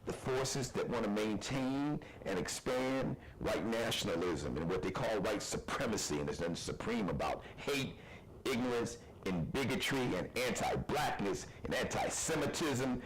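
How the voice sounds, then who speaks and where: A man's voice: lowish voice, expressive, normal speed, faint music behind, rough recording. A man hosting a live online talk show, delivering a passionate, preachy monologue. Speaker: host.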